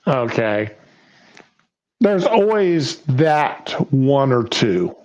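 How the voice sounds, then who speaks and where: Male livestream host, unhurried and folksy, who asks himself questions and answers them, on dull lo-fi audio. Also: medium pitch, very animated, a little mellow. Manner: folksy, poses and answers his own questions. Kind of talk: casual political chat.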